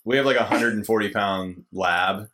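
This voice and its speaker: A man's voice: on the low side, normal speed, pushed and bright. A man hosting a podcast in casual chat, asking playful, teasing questions. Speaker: podcast host.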